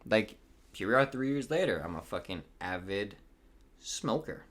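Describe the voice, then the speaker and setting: A man's voice: on the low side, expressive, moderate pace, fairly bright tone. A young man around twenty, hosting a podcast in a rambling, casual, profane monologue with nervous voice cracks. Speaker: podcast host.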